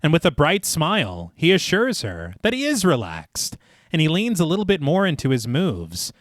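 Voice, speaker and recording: A man's voice: fairly high pitch, moderate pace, no echo, studio quality. A man hosting a horror podcast, narrating a film's plot and chatting casually. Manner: lively, reads plot recap then jokes. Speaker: podcast host recapping a film. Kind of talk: casual chat and film recap narration.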